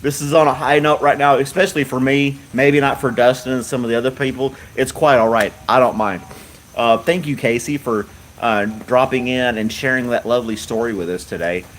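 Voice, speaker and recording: A man's voice: medium pitch, steady tone, a little fast, slight background noise. A man hosting a livestream, chatting casually and reading viewer comments while laughing hard and often. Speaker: livestream host.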